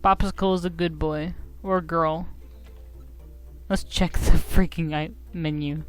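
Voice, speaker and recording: A woman's voice: low voice, steady tone, unhurried, soft background music. A young woman streaming a video game, chatting casually with goofy, giggly, self-mocking commentary.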